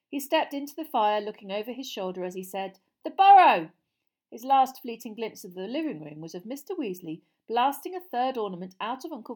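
A woman narrating a storybook audiobook in a steady, clear reading voice. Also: medium pitch.

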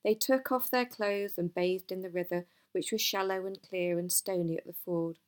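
Woman reading a storybook, lowish voice, calm and steady. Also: normal speed, smooth. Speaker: audiobook narrator. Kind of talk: storybook narration.

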